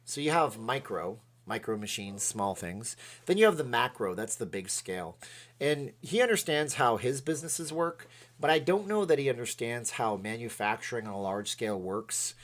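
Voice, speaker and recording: A man hosts a casual livestream in an ordinary mid-range voice. He talks in a rambling, excitable way, jumping between points and reading out viewers' comments as he goes. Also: medium pitch, moderate pace. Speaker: livestream host. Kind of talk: casual chat.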